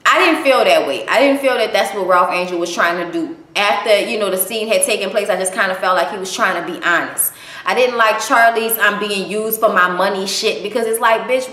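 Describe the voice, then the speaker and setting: Woman reviewer, mid-pitched, blunt and foul-mouthed, casual recap, echoey room. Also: a bit bright. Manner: profane, blunt, opinionated. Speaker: TV show reviewer.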